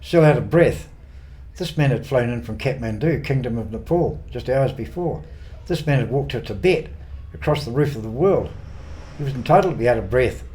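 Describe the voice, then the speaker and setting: An older man from New Zealand with a New Zealand accent, reading his own memoir aloud in an unhurried, wry storytelling manner. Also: medium pitch, expressive, darkish tone. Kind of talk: scripted narration.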